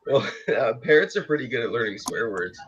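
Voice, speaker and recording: A man's voice: mid-range voice, sing-song, brisk, fairly bright tone, husky, highs cut off. A man co-hosting a casual podcast chat, laid-back, laughing often and swearing freely. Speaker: podcast co-host.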